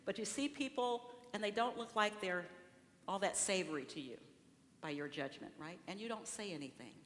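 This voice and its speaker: A woman's voice: mid-range voice, lively intonation, moderate pace. A woman delivers a sermon from the pulpit of a large church, her voice carrying with a long echo and faint room noise behind it. She talks to the congregation conversationally, putting questions to them and acting out what people say. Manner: conversational preaching with rhetorical questions and acted-out quotes. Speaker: speaker at a church service.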